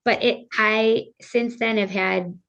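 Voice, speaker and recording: A middle-aged woman, a bereaved mother, telling her story earnestly and haltingly as a podcast guest. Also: fairly high pitch, fairly even intonation, vocal fry, a bit bright, lo-fi sound. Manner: earnest, halting, circling back on her words. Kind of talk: emotional personal storytelling.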